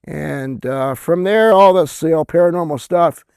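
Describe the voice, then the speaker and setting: A man's voice: on the high side, a little slow, vocal fry, a little mellow, smooth, no room sound. A middle-aged man telling a story at a convention, with lots of "right?" and laughs at his own tale. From Canada. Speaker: author speaking at a convention. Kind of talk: casual storytelling talk.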